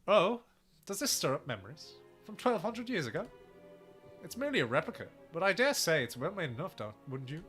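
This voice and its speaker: Smug theatrical male villain, bright and lively, put on by a man, over soft game music. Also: a little high, fairly quick, pitched above the performer's own voice. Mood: taunting. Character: scheming villainous male scholar, smug and grand.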